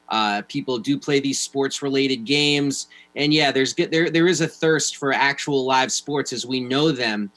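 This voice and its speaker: A man from New York, a guest on a panel show, talking sports in a wry, fast way with many restarts. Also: mid-range voice, fairly bright tone, poor audio. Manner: wry, quick, restarts often. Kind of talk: casual panel chat.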